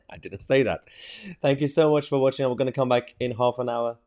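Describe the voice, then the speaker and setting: A man's voice: mid-range voice, fairly even intonation, brisk, darkish tone. A man giving opinionated online commentary on a TV debate, mocking and exasperated, laughing between his points. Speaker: political commentator reacting to a TV clip.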